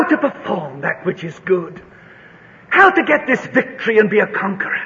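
A man preaches with a high, bright voice and a slow, deliberate pace. His delivery is dramatic and climbs to ringing high notes when he tells a story. The recording is dull and lo-fi, with a long echo from a large hall. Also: very animated. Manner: dramatic, rising to high shouts in a told story. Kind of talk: sermon.

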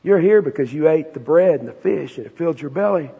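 A man voicing a weary, blunt male teacher who speaks low, quiet and plain, in a dull recording with a long hall reverb. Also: lively intonation, fast talker, gravelly, breathy edge, heavily acted.

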